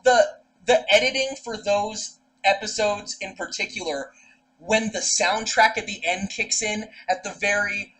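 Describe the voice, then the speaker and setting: A man's voice: high-pitched, measured pace, a bit bright, low-quality recording. A young man co-hosting a podcast in casual chat, rambling through stories with many fillers and restarts. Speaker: podcast co-host.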